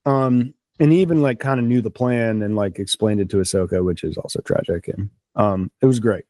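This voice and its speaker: A man's voice: fairly low pitch, brisk, warm tone, no room sound. A man hosting a casual podcast chat, rambling with enthusiasm and lots of fillers. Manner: chewing a snack while talking. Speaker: podcast host.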